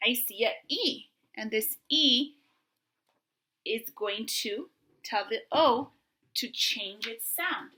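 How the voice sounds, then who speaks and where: A woman teaching a remote phonics and reading lesson, speaking slowly and patiently and spelling out sounds for young children. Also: fairly high pitch, sharp tone, rough recording.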